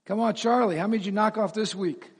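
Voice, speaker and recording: A man preaching as pastor to his congregation, animated, asking them questions and laughing at himself. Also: high voice, quick pace, slightly rough. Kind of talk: sermon. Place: church sanctuary with reverb. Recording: long hall reverb.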